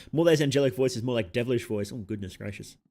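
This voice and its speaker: A medium-pitched, slightly mellow voice belongs to an Australian streamer who speaks a little fast. His gameplay chatter wanders, broken by asides about what he's up to.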